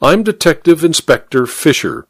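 A polite, assertive woman detective with a dry edge, pitched a little high, as a male storyteller puts her on. The voice sounds close and dry. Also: wildly swooping pitch, normal speed, husky, no echo, exaggerated voice.

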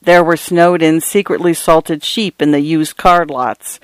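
Dry, measured man reading fiction. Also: a little high, fairly even intonation, no room sound. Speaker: audiobook narrator.

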